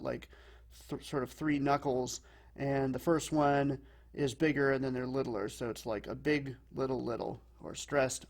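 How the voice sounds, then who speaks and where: A man teaching a lesson, explaining calmly and slowing down to read lines of verse aloud. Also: medium pitch. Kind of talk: explanatory lecture.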